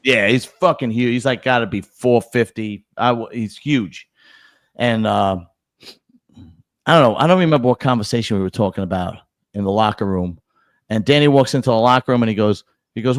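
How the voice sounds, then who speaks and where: A man's voice: on the low side, fairly quick, no room sound, clean studio sound. A middle-aged man hosting a podcast, telling profane workplace stories in casual chat, restarting his sentences often. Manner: profane storyteller with many restarts. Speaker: podcast host.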